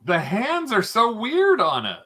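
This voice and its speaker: A man hosting a casual podcast chat, animated, exclaiming and laughing often. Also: high-pitched, measured pace. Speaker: podcast host.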